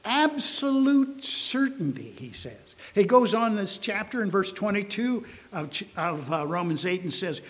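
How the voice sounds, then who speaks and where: Slow, emphatic male preacher. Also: high-pitched, very animated, a bit bright. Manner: slow, emphatic, with many pauses and fillers. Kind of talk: sermon.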